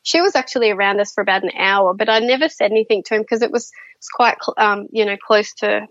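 A woman's voice: mid-range voice, fast, a bit bright, no room sound, muffled recording. A woman, a guest chatting through her experiences with lots of fillers and restarts. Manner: chatty, many fillers and restarts, laughs often. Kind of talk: casual interview storytelling.

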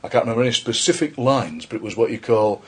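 Husky-voiced man, chatty poet guest. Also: mid-range voice, animated, fast talker. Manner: chatty, rambling, joking, many restarts. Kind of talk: casual podcast chat.

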